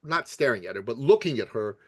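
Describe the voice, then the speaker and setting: A man's voice: medium pitch, a little fast, dry recording. Older man telling a story, dry close sound. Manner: lively storyteller who acts out the people he quotes. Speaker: podcast guest. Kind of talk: storytelling in a conversation.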